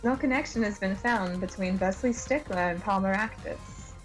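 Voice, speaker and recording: A woman's voice: mid-range voice, faint music behind, close to an everyday voice, low-quality recording. A woman reading the part of a formal, stately older male judge from a game. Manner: formal, measured courtroom reading.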